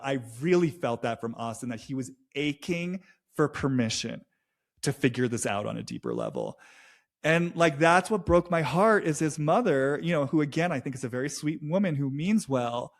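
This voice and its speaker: A man's voice: a little high, big pitch swings, normal speed. A man giving a casual, emotive intuitive reading of a reality-show scene, swearing freely and voicing what others feel. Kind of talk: casual commentary.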